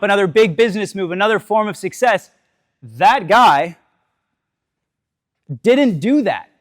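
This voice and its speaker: A man's voice: high-pitched, fairly bright tone, no room sound, clean studio sound. Candid motivational speaker, man. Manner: candid, swears freely, asks the audience questions; storytelling, often tags lines with "right?". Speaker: speaker giving a talk. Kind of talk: motivational talk to a live audience.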